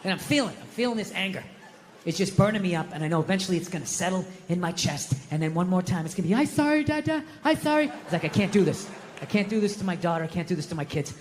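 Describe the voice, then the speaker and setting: A man doing stand-up comedy, ranting and swearing with sudden shouted bursts. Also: high voice, racing, in a large hall, slight background noise.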